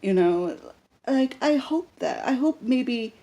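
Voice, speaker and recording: A woman's voice: a little high, expressive, slow, mellow. A young woman talking unscripted to a handheld camera in a personal vlog, rambling with lots of fillers and restarts. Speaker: vlogger.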